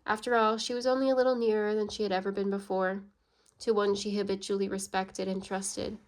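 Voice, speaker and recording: A woman reads a classic novel aloud, her pitch held level with little rise and fall. The delivery is steady and measured, and the quoted dialogue gets only a slight lift rather than full character voices. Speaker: audiobook reader.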